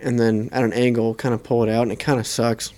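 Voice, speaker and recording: A young man co-hosting a podcast tells a hunting story in a loose, easygoing way, swearing often. His voice is smooth and clear, in a middle pitch. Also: quick pace. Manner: relaxed, profane storytelling. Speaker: podcast co-host. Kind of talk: casual hunting story chat.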